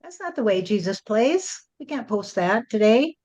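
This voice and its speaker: A woman's voice: fairly high pitch, sing-song, normal speed, a little mellow. A woman channeling a spirit and speaking as God, blunt and lecturing, often adding "you see".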